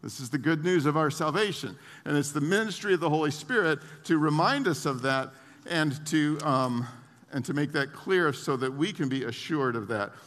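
A man's voice: fairly high pitch, animated, normal speed, a bit bright. A man preaching a sermon as pastor, in a conversational way with restarts and acted-out quotes. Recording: long reverb of a large hall.

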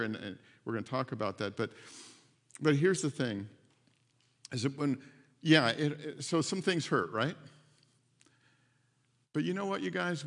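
A man preaching a sermon as pastor, animated and repeating his phrases, with frequent laughs. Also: mid-range voice, gravelly. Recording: long hall reverb.

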